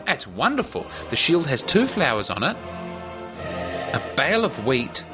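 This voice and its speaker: A man hosting a podcast alone, rambling playfully and swooping his pitch for jokes, with music behind him. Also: wildly swooping pitch, moderate pace. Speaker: podcast host. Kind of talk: rambling comedic monologue.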